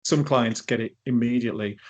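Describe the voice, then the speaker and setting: A man's voice: medium pitch, a little fast. Guy mid-interview, tells stories with lots of energy, trips over his words a bit. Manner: animated storytelling, frequent restarts. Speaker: interview guest, coach. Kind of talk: conversational interview.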